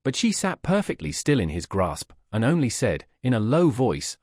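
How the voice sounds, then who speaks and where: A male audiobook narrator reads a classic novel in an expressive, measured way. His voice is husky, with lively pitch that rises and falls. The recording sounds dry and close. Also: no echo. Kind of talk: scripted narration.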